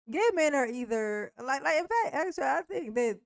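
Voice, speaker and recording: A woman's voice: high voice, gravelly, no room sound, clean studio sound. A woman giving blunt, profane reaction commentary, laughing often. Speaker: commentary host reacting to a clip.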